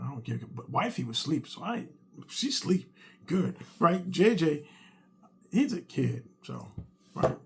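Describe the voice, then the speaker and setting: A man telling a comic story casually, animated and repetitive with punchy asides. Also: on the high side, vocal fry, breathy edge.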